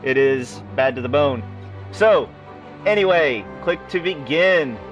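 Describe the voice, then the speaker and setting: A man's voice: on the high side, lively intonation, slow pace, soft background music, poor audio. A young man chatting casually while playing a video game, reading the game text aloud and laughing at himself. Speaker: let's play host. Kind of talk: casual gameplay commentary.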